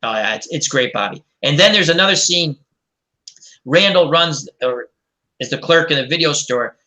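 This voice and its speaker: A man's voice: on the high side, expressive, normal speed, bright, forceful tone. A man hosting a casual online group chat, talking enthusiastically and rambling with many restarts. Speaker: host of an online chat show.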